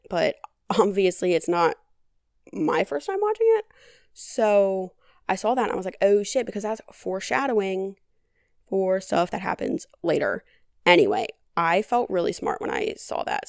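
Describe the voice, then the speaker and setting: Dry, sarcastic woman with vocal fry. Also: medium pitch, a little mellow, dry recording. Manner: chatty, heavy on "like". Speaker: podcast host. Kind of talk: casual movie recap.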